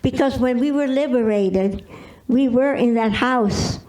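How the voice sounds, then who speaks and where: An older woman telling her personal testimony as an interview guest, halting with restarts and repeats. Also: on the high side, a little mellow, recorded from a distance, rough recording.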